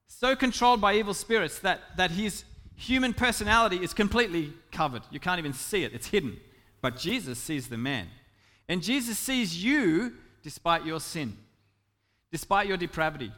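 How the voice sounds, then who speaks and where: Pastor guy preaching, goes big then real soft, kinda high voice, echoey hall. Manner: impassioned, swings from loud emphasis to soft intimate tones. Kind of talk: sermon.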